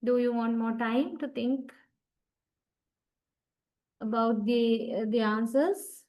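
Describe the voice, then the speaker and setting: A woman teaching an online class, prompting students slowly and patiently with lots of hesitations. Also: fairly high pitch, steady tone, darkish tone. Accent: South Asian English. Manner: slow, patient prompting with many fillers.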